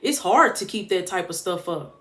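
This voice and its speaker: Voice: medium pitch, lively intonation, normal speed, pushed and bright. A motivational vlogger speaking straight to the camera in a heartfelt, preachy way, often repeating points for emphasis. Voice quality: emphatic, preachy, casual street-smart phrasing.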